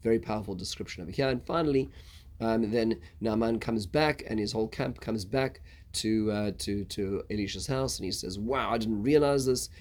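Halting low-voiced male Torah teacher. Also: a little mellow. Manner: halting, with many stuttered restarts. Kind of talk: casual Bible lesson.

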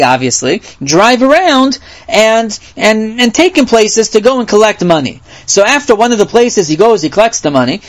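A man teaching a Talmud lesson, full of Hebrew terms, with frequent restarts and throat-clearing as he tells a parable. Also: high voice. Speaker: Torah teacher.

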